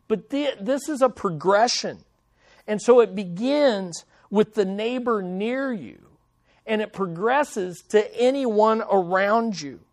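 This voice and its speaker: Guy preaching a sermon, dramatic pauses, dry close sound. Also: sits high, lively intonation, no echo. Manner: dramatic, preacherly emphasis with slow punchy phrases. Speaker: pastor.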